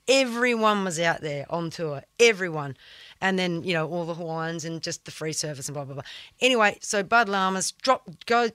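A woman's voice: fairly low pitch, expressive, moderate pace, a bit bright, clear, resonant tone, dry recording. A woman, a surfer and guest on a podcast, telling a vivid story in casual, blunt talk that is full of swearing.

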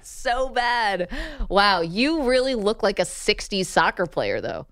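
A woman's voice: mid-range voice, big pitch swings, takes it slowly, a bit bright, no echo. A woman co-hosting a sports radio show in the studio, teasing her partner and laughing often. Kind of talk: casual radio banter. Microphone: studio mic.

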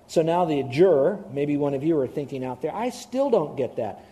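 Male Bible teacher for a radio sermon; animated preacher who acts out voices, slightly high and mellow. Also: normal speed.

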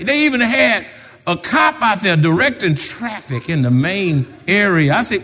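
Male pastor, high lively voice, sermon in reverberant church hall. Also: unhurried. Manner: animated preaching with call-outs and retold conversations. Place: church sanctuary. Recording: long reverb of a large hall.

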